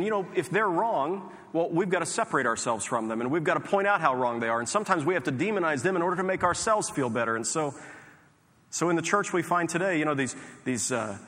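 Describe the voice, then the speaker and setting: Earnest pastor preaching a sermon. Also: male voice, a little high, bright, forceful tone. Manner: earnest, conversational, with restarts. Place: large church sanctuary. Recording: long hall reverb.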